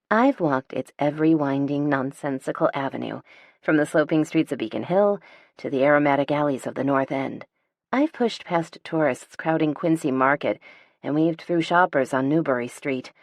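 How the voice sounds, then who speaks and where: Woman reading a first-person audiobook: low voice, dry studio sound, wry and sardonic with pointed emphasis. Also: a little mellow, no echo. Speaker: audiobook narrator.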